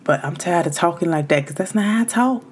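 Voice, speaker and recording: Loud, emphatic woman podcaster, low voice. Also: expressive, fast talker, slightly rough. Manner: loud, emphatic and direct, speaking straight to listeners. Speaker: podcast host. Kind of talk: motivational podcast talk.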